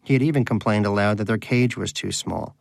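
A man's voice: fairly low pitch, fairly quick, vocal fry, dry recording. A man narrating an audiobook in a dry, wry storytelling manner.

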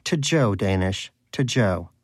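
A man's voice: on the low side, animated, takes it slowly, dry recording, clean studio sound. A man voicing a preachy, devout hamster. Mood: demanding. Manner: preachy, earnest, indignant. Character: devout, anxious male pet hamster.

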